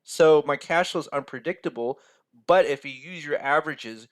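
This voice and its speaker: A man's voice: fairly high pitch, normal speed. A man with an American accent hosting a casual finance explainer, talking in a chatty, rambling way and asking "right?" often. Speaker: financial mentor, video host.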